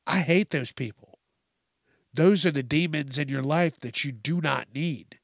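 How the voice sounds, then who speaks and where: A man with a gravelly voice rants on his own podcast, swearing often and acting out the lines of the people he complains about. He talks at an unhurried pace, slightly higher-pitched than most men. The recording is dry, with no room echo. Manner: profane, animated ranting with acted-out quotes. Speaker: podcast host. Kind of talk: casual solo rant.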